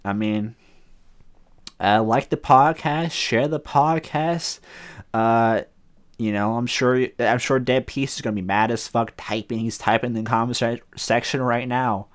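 Man, podcast host, solo sports chat, halting and rambling with many fillers, casual, swears freely. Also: mid-range voice, fairly even intonation. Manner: casual and profane.

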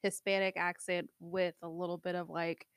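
A woman's voice: fairly low pitch, little pitch movement, normal speed, clear, resonant tone, no room sound. A woman co-hosting a podcast, talking in a chatty, rambling way with lots of fillers. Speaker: podcast co-host. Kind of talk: casual chat.

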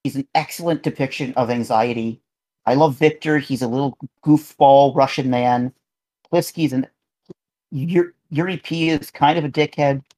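Brief: male podcast co-host, earnest, rambling, mid-pitched, casual chat. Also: moderate pace, mellow. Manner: rambling, earnest, frequent restarts.

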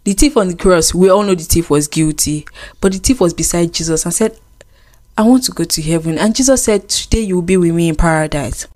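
A woman's voice: lowish voice, a little mellow. A woman co-hosting a casual faith chat, earnest and teasing. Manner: earnest, teasing, quick laughs. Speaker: co-host.

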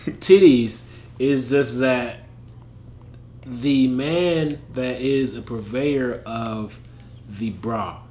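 A young man with a Southern US accent co-hosting a casual podcast, unhurried and slangy, often breaking into laughter. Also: mid-range voice, darkish tone. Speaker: podcast co-host. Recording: echoey room, faint background hum.

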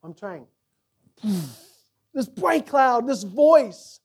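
A male pastor preaching a sermon, acting out quoted voices and swinging between loud emphasis and quiet asides. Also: very high-pitched, animated, extremely slow, slightly rough.

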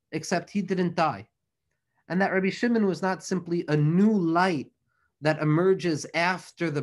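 Hebrew and Yiddish terms run through the English of this earnest Torah teacher, whose religious lecture unfolds in long, flowing phrases. For a man, his voice sits somewhat high.

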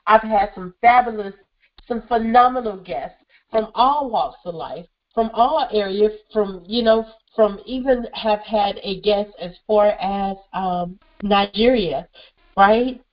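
An upbeat woman hosts a solo radio show, gushing and calling out to her listeners. Her voice sounds stuffy and congested, at a middling pitch. The recording is slightly dull and lo-fi. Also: takes it slowly. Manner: enthusiastic, effusive, repeats "listen" and "guys". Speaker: radio show host, therapist and motivational speaker.

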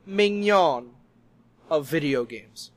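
A man's voice: a little high, lively intonation, slow pace, no room sound. A man voicing a bossy, hot-tempered male chef who barks orders at his kitchen crew in an improvised comedy bit. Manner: barking orders, snappy.

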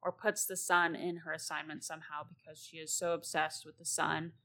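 Woman rambling about her novels, lowish voice, laughs a lot, close mic. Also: level tone, fairly quick, sharp tone. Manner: chatty, rambling, laughs often. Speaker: podcast host and novelist. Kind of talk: casual solo talk about writing.

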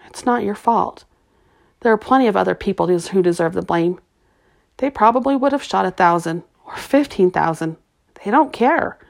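A woman reading the part of a grieving, bitter middle-aged father who speaks low and guarded. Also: animated, normal speed, creaky. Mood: quiet, consoling.

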